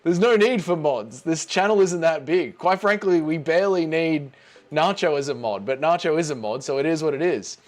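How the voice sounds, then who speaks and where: A man's voice: fairly high pitch, moderate pace. Rambling Australian man streaming live. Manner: rambling, chatty, greets viewers by name. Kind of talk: casual live stream chat.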